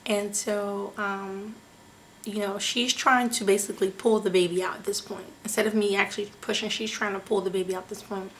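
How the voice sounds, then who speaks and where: A young woman vlogger telling a personal story to her viewers in an animated, chatty way, often saying "like" and "you guys.". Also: medium pitch, fairly quick, slight background noise. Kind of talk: casual storytelling to camera.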